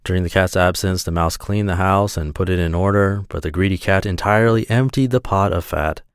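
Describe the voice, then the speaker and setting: A man hosting a podcast, reading a fairy tale aloud in a relaxed, friendly storytelling manner. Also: deep voice, brisk, clean tone, no room sound, clean studio sound. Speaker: podcast host.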